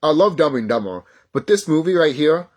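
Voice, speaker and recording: A man in his thirties talking casually in a vlog, excitable and rambling, swearing often and stumbling over his words when he gets worked up. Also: a little high, brisk. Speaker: YouTuber. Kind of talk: casual nostalgic vlog talk.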